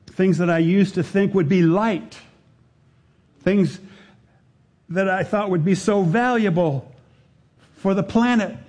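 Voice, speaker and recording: An older man preaches a sermon at an unhurried, measured pace, his voice husky and mellow. He repeats key phrases and drops almost to a hush when he presses a point. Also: high-pitched. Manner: slow, deliberate, repeating phrases and dropping to a hushed voice for emphasis.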